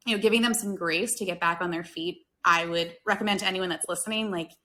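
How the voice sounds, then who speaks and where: A woman's voice: lowish voice, fairly even intonation, quick pace, sharp tone. An American woman hosting a hospitality talk show, speaking earnestly and chattily with lots of fillers. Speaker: podcast host, hospitality worker. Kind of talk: casual talk-show chat.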